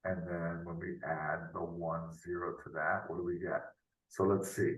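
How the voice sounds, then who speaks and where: A man's voice: sits low, little pitch movement, normal speed. Man working through math aloud, roomy. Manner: thinking aloud, trailing tag questions. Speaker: math tutor. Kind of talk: unscripted casual lesson. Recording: roomy, from off the mic.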